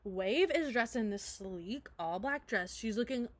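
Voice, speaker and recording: A woman's voice: on the high side, lively intonation, unhurried, dry recording. A young woman co-hosting, telling an improvised comic story in a giggly, rambling way with many "so anyways". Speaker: co-host.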